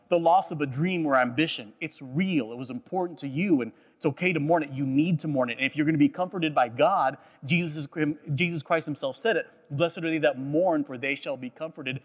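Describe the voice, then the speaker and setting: A man preaching a sermon as a pastor, earnest and personal, often repeating phrases and checking in with "right?". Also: on the high side. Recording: echoey hall.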